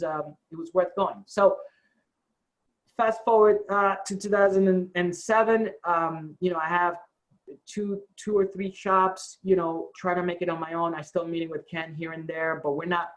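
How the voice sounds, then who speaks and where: A man's voice: on the high side, rough recording. A man, a company co-founder, telling the story of his start to his staff, acting out the dialogue. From United States. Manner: animated storytelling, acts out quoted dialogue.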